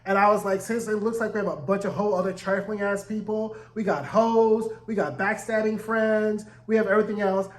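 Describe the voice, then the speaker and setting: A man's voice: high voice, flat delivery, fairly quick, few pauses, echoey room, low-quality recording. A man giving a casual recap of a TV episode, sassy and profane with chatty asides. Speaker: TV recap reviewer.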